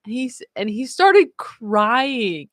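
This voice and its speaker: A woman's voice: a little high, very animated, extremely slow, fairly bright tone, no echo. A woman hosting a casual live stream, telling a story in a chatty way, filling her talk with "like" and "you know" and laughing often. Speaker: livestream host.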